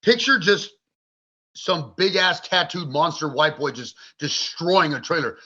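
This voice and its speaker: On a dull, lo-fi recording, a man in his forties appears as a podcast guest and tells his story candidly, interview-style. His fairly high, sharp-edged voice has lively intonation and a slightly slow pace, and his telling is blunt, vivid and full of profanity.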